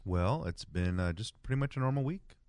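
A man speaking as a podcast co-host, relaxed and joking as he chats. His voice is on the low side. The recording is dry and close. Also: fairly quick, no echo. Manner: laid-back, joking. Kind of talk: casual chat.

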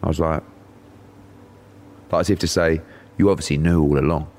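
Man, middle-aged, low voice, animated storyteller who acts out other people's lines. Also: normal speed, a little hiss or hum. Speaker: podcast guest, boxing promoter. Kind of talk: anecdotal storytelling.

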